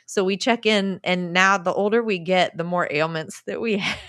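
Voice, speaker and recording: Lively woman telling improv stories. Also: lowish voice, normal speed, clean tone, no room sound, clean studio sound. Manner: animated, laughing storyteller. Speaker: improv performer, guest. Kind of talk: casual conversation.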